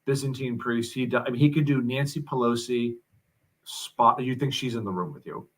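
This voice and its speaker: A man's voice: medium pitch, fairly bright tone. Male guest, casual podcast chat, joking asides, mid-range voice. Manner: chatty, joking, quick asides.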